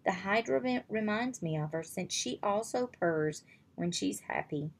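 A woman's voice: mid-range voice, expressive, measured pace, creaky. A woman reading as an eager young girl dragon rider. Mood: earnest. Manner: earnest, eager.

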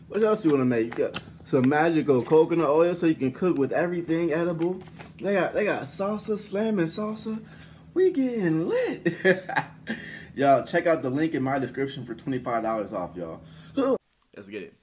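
A man with a mild Texan drawl talks through a reaction video in an energetic, casual way. He keeps throwing in "y'all" and cheering the track on, at an ordinary middle pitch. A faint hiss sits under the recording. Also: quick pace. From Texas. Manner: energetic, says "y'all" constantly, chuckles often, hypes up the track. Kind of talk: hyped casual reaction commentary.

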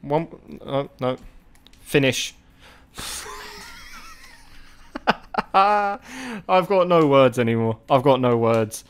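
A man giving live gameplay commentary to his chat, often exasperated and swearing in loud outbursts. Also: mid-range voice, animated, very slow, long pauses, clear, resonant tone. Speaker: gaming video creator.

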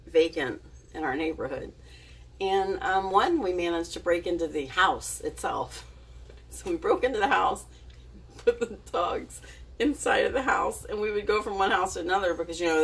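A woman's voice: lowish voice, animated, normal speed, breathy edge, far from the mic. A woman telling a casual story to her camera, chatty and giggly, with plenty of fillers and restarts. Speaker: vlogger.

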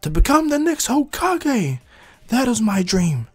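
A man voicing a brash boy ninja who wants respect, loud and eager, in a fan-made story. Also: medium pitch, normal speed, breathy edge.

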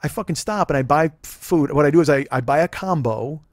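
Fast-talking, profane man in his forties. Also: a little high, no echo, studio quality. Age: 40s. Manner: rapid, profane, animated rambling with restarts. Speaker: podcast host. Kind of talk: casual comedic storytelling.

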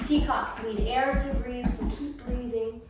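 Slow gentle woman, echoey room. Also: a little high, steady tone, background noise. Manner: gentle, sing-song, talking to a toddler. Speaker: yoga teacher and mother. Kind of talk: toddler yoga class instruction. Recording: echoey room, far from the mic.

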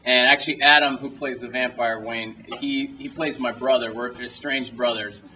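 A young filmmaker takes audience questions after a screening, speaking to a small crowd in a cinema auditorium. His voice is mid-range and sharp, with fairly even intonation and normal speed, and he rambles through loose anecdotes, breaking off mid-sentence to start again and laughing frequently. The poor audio, recorded from afar, has a little hiss or hum.

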